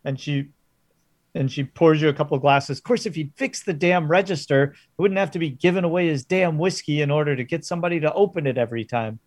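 A man's voice: a little high, quick pace, no room sound, close to an everyday voice. A man voicing a harried, grumbling tavern barmaid who curses under her breath. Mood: flustered. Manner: exasperated, cursing under breath.

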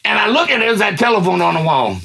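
A middle-aged man telling a personal faith testimony in colloquial, excitable storytelling that swells into fervent near-shouting. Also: high-pitched, fast talker, gravelly, slightly rough. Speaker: guest giving a testimony.

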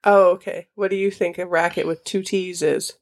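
A woman in casual chat, guessing at quiz answers, thinking out loud and laughing easily. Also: fairly low pitch, fairly even intonation, normal speed. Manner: chatty, laughing, thinks aloud while guessing. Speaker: quiz player.

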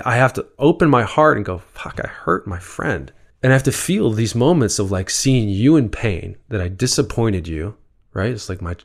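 Male podcast guest, a spiritual healer: earnest and candid, swears freely, voice sits a little low. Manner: earnest and openly swearing, acts out quoted voices. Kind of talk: reflective conversational talk.

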